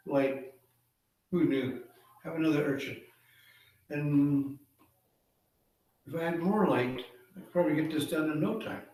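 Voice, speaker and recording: A man voicing a sly, smooth-talking male trickster raven who coaxes in an overly friendly way. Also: on the high side, a little slow, long pauses, darkish tone, close to an everyday voice. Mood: coaxing. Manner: coaxing, wheedling, overly friendly. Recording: echoey room, far from mic.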